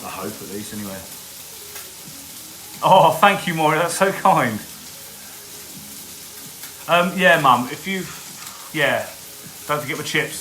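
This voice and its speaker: A man's voice: on the high side, sharp tone, slight background noise. Chatty man hosting a live cook-along. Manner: chatty, greets viewers by name while cooking. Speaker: cooking show host. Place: home kitchen. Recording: echoey kitchen with frying sizzle.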